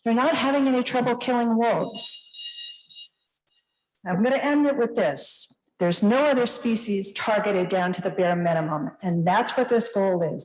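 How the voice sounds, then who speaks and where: A woman's voice: medium pitch, a little mellow, low-quality recording. Woman, public commenter, fired-up and indignant, punchy emphatic delivery, mid-range voice.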